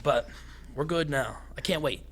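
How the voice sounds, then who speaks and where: A young man from Canada, a fighter guest on a podcast, talking fast and excitedly and swearing freely. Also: fairly high pitch. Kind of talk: casual podcast conversation.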